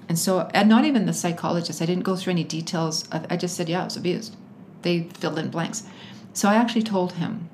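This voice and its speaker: A woman's voice: fairly low pitch, a little mellow, a little hiss or hum. A woman being interviewed, telling a personal story emphatically and with animation, often laughing as she talks. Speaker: interview guest. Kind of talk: personal story told in conversation.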